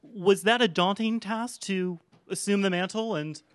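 Male moderator, high-pitched, polite and measured. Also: no room sound. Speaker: interviewer. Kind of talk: panel moderation.

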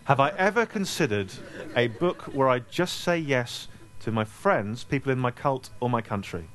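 A man's voice: mid-range voice, animated, moderate pace, a bit bright. Scottish-born guy riffing at a book q&a, handheld mic, jokey and self-deprecating, goes off on rambly tangents. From Scotland. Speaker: author speaking to an audience. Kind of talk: casual audience Q&A. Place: store event space with a live audience. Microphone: handheld microphone.

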